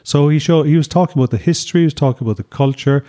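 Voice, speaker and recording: A man's voice: fairly high pitch, racing, mellow. A man co-hosting a travel show, chatting casually from a beach and often addressing listeners as "folks". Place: on a beach outdoors.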